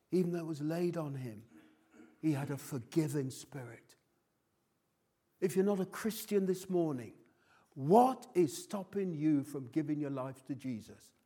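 An older man preaching a sermon with emotion, swinging between loud exhortation and hushed asides. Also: on the high side, slightly rough.

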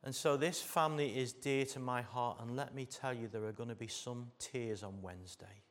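A man with an English accent preaching a sermon as pastor, moving between loud emphatic passages and soft intimate ones, often asking the congregation rhetorical questions. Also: medium pitch, steady tone, normal speed.

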